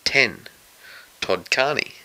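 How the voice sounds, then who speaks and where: A man's voice: mid-range voice, animated, slow pace, pushed and bright, no room sound, low-quality recording. A man co-hosting a sports podcast, making dry sarcastic remarks in casual chat. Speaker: podcast co-host.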